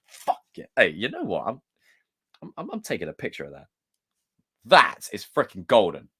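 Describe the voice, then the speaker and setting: A man hosting a livestream, reading viewer comments aloud in a loose, excitable, joking way with some swearing. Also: fairly low pitch, normal speed, slightly rough. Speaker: livestream host.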